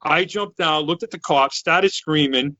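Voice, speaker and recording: A man from Massachusetts in his thirties, a podcast co-host telling a long story in a loud, excitable, rambling way, full of restarts. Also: on the high side, measured pace, dry recording, dull audio. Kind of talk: casual storytelling chat.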